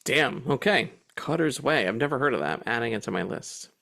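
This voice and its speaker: A man co-hosting a film podcast, telling a story in a lively, profane, fast-bursting way. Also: medium pitch, gravelly. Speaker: podcast co-host. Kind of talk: casual film podcast chat.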